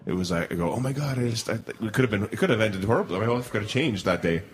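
A man's voice: on the low side, animated, quick pace, slight background noise. A middle-aged man co-hosting a podcast, telling a rambling story with lots of restarts and laughter in casual chat. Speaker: podcast co-host.

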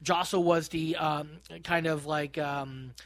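A man who is a stand-up comedian, telling stories in a casual podcast chat in a profane, animated way. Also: on the high side, takes it slowly.

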